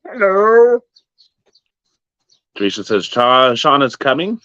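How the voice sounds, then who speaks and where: A man hosting an online Bible study, chatting slowly and casually between hymns from home. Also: mid-range voice, big pitch swings, pushed and bright. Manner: slow, chatty, drawn-out speech. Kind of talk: casual live-stream chat and hymn singing. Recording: dull lo-fi stream audio.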